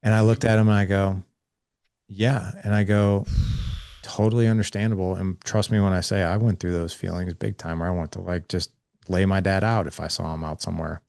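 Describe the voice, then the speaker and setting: Podcast guest, forties, candid storyteller who voices the people he quotes; low, raspy tone. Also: flat delivery, fairly quick, darkish tone, no room sound, clean studio sound. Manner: earnest, acts out quoted dialogue with his son.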